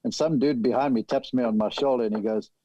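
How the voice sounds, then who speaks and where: A man, a golf analyst, telling long animated stories in casual podcast chat. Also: medium pitch, fast talker, no echo, muffled recording. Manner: animated, detailed storyteller.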